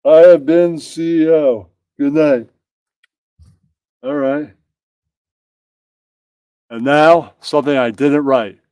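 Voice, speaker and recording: A man reading his own crude comedy bits aloud and closing jokes with deadpan tags. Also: fairly high pitch, takes it slowly, long pauses, clean tone, dry recording.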